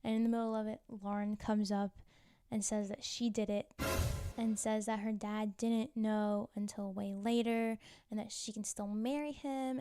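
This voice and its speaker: A woman's voice: medium pitch, warm tone, clean tone, dry recording, studio quality. A woman recapping TV episodes in a chatty, wry way, full of casual filler and teasing asides. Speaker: TV show recapper.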